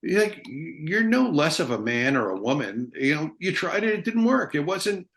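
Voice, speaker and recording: A man's voice: fairly high pitch, big pitch swings, normal speed, vocal fry, a bit bright. Blunt, emphatic veteran man. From United States. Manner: emphatic, blunt, swears freely. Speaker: guest, army veteran. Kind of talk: casual interview talk.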